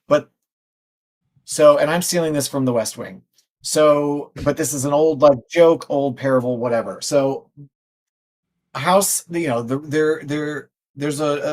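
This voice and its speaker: A man co-hosting a live tarot stream, rambling through tangents with self-deprecating humor. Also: mid-range voice. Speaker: co-host, tarot reader. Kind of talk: casual chat on live stream.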